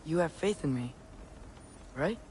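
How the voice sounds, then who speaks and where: Male dubber as a sincere young hero; slow, measured, a bit high. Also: animated, a little mellow, a little hiss or hum. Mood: earnest. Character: determined earnest young man hero. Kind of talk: fan voice dub.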